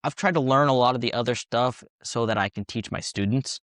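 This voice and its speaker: A man's voice: mid-range voice, a little fast, a bit bright, dry recording, clean studio sound. Laid-back Texan man, laughing easily. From Texas. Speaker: guest fighter and coach. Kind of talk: casual interview.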